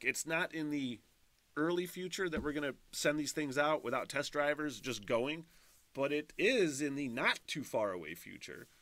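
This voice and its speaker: Dude ranting on his own podcast, cussing and laughing, bright tone, dry sound. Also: medium pitch, no echo. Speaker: podcast host. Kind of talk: casual solo podcast talk.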